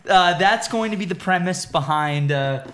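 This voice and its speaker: Raspy man rambling through silly retellings. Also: high-pitched, animated, normal speed, fairly bright tone, a little hiss or hum. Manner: rambling, joking, retelling scenes in silly voices. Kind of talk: casual chat.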